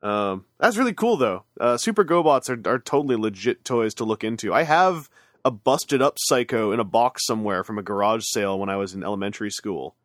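A man in casual chat about toys, relaxed and talkative. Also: on the low side, brisk, no room sound, clean studio sound.

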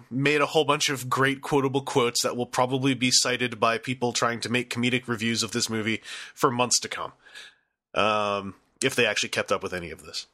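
Bright-voiced joking podcast host, a man. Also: mid-range voice. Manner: rambling, joking, quotes reader comments. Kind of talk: casual chat.

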